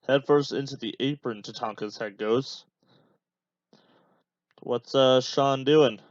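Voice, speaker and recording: A man's voice: medium pitch, slow, no echo, muffled recording. Man doing casual running commentary. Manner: relaxed, offhand running remarks. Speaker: podcast host. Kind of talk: casual live commentary while watching a match.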